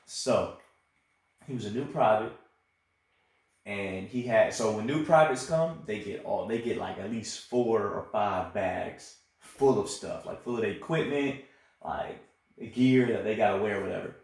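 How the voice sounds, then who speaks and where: A man's voice: on the low side, unhurried. Echoey young man telling a story. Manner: animated, acts out quoted voices. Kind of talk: casual storytelling. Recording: echoey room.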